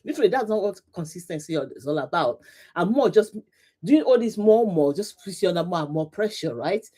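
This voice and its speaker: A woman's voice: lowish voice, animated, a little fast, mellow, husky. A middle-aged woman hosting a live motivational talk, speaking emphatically with lots of repetition and laughing often as she greets her viewers. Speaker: livestream host, coach.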